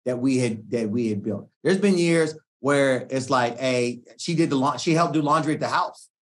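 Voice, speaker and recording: Animated middle-aged man telling coaching stories. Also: mid-range voice, normal speed. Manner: animated slangy storytelling, acts out quoted speech. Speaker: guest, sports coach. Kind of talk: casual podcast conversation.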